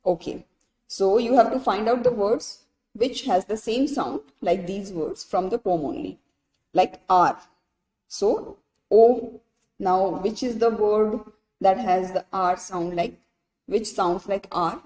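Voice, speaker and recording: A woman's voice: mid-range voice, takes it slowly, darkish tone, big-room sound. A woman teacher patiently walking pupils through a workbook lesson, spelling out letters, listing words one by one and checking in with "right?".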